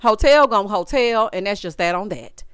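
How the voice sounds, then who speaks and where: A woman's voice: mid-range voice, lively intonation, moderate pace, fairly bright tone, smooth, no echo, studio quality. A woman hosting a casual reality TV recap, talking sassy and slangy with dramatic asides to her viewers.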